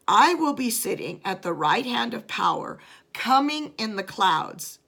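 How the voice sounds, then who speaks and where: A woman voicing a calm male teacher who makes solemn, measured pronouncements. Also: on the high side, creaky, exaggerated voice. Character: calm prophetic teacher, adult man, solemn.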